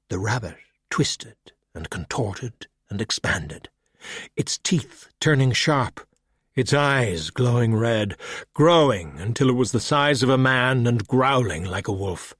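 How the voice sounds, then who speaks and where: Husky male audiobook narrator. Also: mid-range voice, expressive, slow, no room sound. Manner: soft, dropping voice on speech tags. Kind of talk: scripted narration. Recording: dry close audiobook recording.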